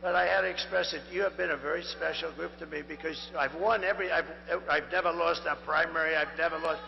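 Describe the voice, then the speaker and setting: Older man, political rally speech, rambling asides, very gravelly high-pitched voice, tired strained throat, dull echoing hall, hum behind. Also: fairly even intonation, quick pace. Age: 70s. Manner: rambling, repetitive, boastful asides. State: strained, tiring voice. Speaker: political candidate. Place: large rally venue.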